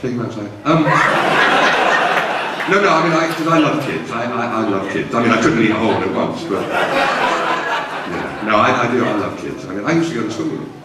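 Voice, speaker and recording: A man cracks self-mocking jokes at a fan convention, his voice rising and falling in lively swings. He sounds far from the mic, swallowed by the long echo of a big hotel hall, with the audience clearly heard around him. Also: on the low side, brisk, long pauses, very noisy. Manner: jokey, self-mocking, laughs at own jokes. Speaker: convention guest actor. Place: large event hall in a hotel.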